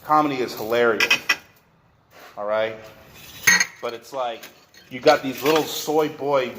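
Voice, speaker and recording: In a workshop, a vlogger with a mid-range voice rants to the camera, rambling, cursing, repeating himself and restarting his sentences. The sound is roomy, with a little hiss or hum.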